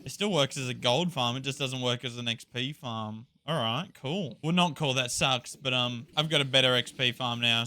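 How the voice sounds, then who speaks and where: A man giving casual, jokey commentary while playing a video game, thinking aloud and getting excited. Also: mid-range voice, clear, resonant tone. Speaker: Minecraft YouTuber.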